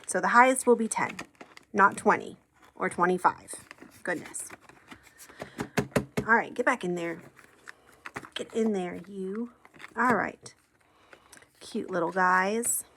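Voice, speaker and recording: A woman talks at an unhurried pace, counting bills out loud in a chatty, upbeat way. A faint hiss of background noise sits under her voice. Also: mid-range voice, animated. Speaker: savings challenge creator. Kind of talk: casual chat while counting cash.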